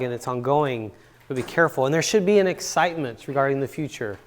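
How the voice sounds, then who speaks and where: Man teaching a relaxed relationship seminar. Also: a little high. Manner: conversational, repeats words for emphasis. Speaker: seminar speaker and counselor. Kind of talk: relaxed seminar talk with stories. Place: university seminar room.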